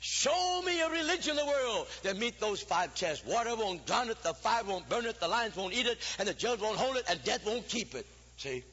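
A man's voice: sits high, big pitch swings, normal speed, sharp tone, husky. An older man preaching a folksy, humorous Baptist sermon, telling stories and breaking into a chanted cadence, recorded in a church. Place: church sanctuary. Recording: lo-fi hall recording with long reverb.

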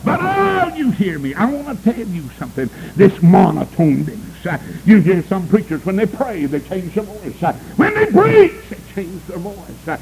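A man preaching a revival sermon, breaking into sudden high shouted cries and saying "uh" before nearly every phrase. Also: sing-song, normal speed, creaky, few pauses, slight background noise, poor audio.

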